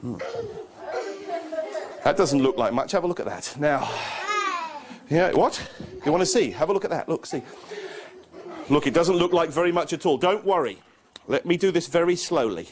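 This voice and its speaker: A man's voice: on the high side, lively intonation, normal speed, pauses often. A man performing a children's magic show, coaxing a young volunteer with playful, mock-confused patter.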